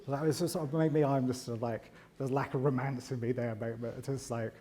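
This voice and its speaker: A man giving a conference talk, chatty and animated, with self-deprecating humour and frequent asides of "right?". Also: medium pitch, fairly quick, hardly any pauses. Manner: animated and chatty, often tags lines with "right?". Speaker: conference speaker.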